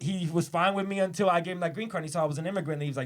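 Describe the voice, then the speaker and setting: A man from the Dominican Republic hosting a casual podcast chat, telling animated stories and acting out quotes. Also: sits high, very fast. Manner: animated storyteller, acts out quotes. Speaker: podcast host. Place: studio with cameras.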